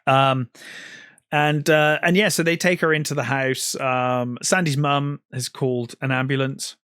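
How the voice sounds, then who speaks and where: A man's voice: medium pitch, steady tone, measured pace, fairly bright tone, smooth, no echo, clean studio sound. A man co-hosting a film podcast, retelling scenes in a casual chat with lots of ums and acted-out quotes. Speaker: podcast co-host.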